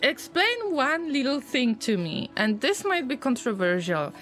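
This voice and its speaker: Lady streamer talking thru her game, kinda high voice, gets distracted and yelps when stuff goes wrong, faint music behind. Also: measured pace. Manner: chatty, easily distracted, bursts into excited alarm. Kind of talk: casual live-stream gameplay commentary.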